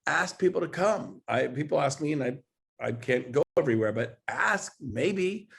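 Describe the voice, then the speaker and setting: Brief: a husky-voiced male real estate coach on a video call, pushy and emphatic, building to exclamations. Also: fairly high pitch, lively intonation, normal speed, fairly bright tone. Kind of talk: motivational webinar talk.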